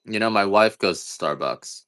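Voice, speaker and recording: A man's voice: fairly low pitch, moderate pace, fairly bright tone, clean tone. A man hosting a casual live-stream coffee sale, rambling and joking at his own expense. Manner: rambling, joking, self-deprecating. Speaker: livestream seller of coffee. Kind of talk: casual live-selling chat.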